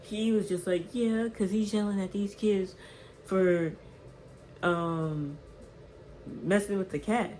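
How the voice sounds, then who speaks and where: A woman around twenty telling a storytime on her vlog, animated and chatty, checking in with "right?" as she goes. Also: medium pitch, takes it slowly, pauses often, a little hiss or hum, rough recording. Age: 20s. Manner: animated, repeats "right?" to the viewer. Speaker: vlogger.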